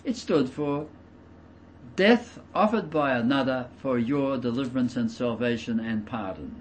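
A male preacher delivers an expository sermon in a mid-range voice that leaps and dips expressively. He hits important words with force, then falls to a quieter, explaining tone. Everyday comparisons keep the teaching grounded. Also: mid-range voice, lively intonation, measured pace, a little hiss or hum. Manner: emphatic, swings between loud stresses and quiet asides; explains verses with everyday examples.

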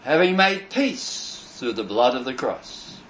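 A man preaching a sermon, emphatic and declamatory, repeating phrases for stress and pausing between them. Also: mid-range voice, very animated, a bit bright, low-quality recording. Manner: measured, declamatory delivery with pauses between phrases.

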